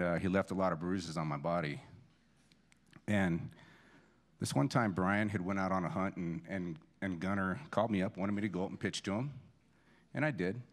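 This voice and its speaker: A man's voice: sits low, moderate pace, long pauses. A man in his forties giving a eulogy in a church, telling self-deprecating, funny stories about a friend's son. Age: 40s. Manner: self-deprecating humorous anecdotes, many restarts. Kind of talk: storytelling eulogy at a memorial service.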